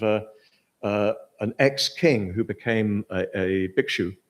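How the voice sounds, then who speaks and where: A man's voice: on the low side, a bit bright. An older man with a posh English accent giving an informal Buddhist talk, hesitant, with many fillers and restarts. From Britain. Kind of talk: informal lecture.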